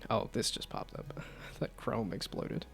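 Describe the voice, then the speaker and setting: A man's voice: fairly low pitch, very animated, moderate pace, creaky, faint music behind. A man chatting casually on a live stream about his game development projects, rambling and self-deprecating.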